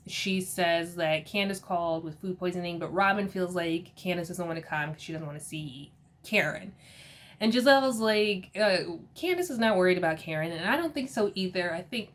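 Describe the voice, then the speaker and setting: A woman hosting a casual reality TV episode recap, chatty and sassy, laughing often and quoting the cast in animated asides. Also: fairly low pitch.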